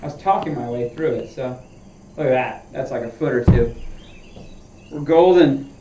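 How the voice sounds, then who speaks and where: A man with a mid-range voice and moderate pace streams a golf practice session, chatting casually to viewers as he talks through his swings. It's very noisy, and the recording sounds roomy, distant and dull, in lo-fi quality.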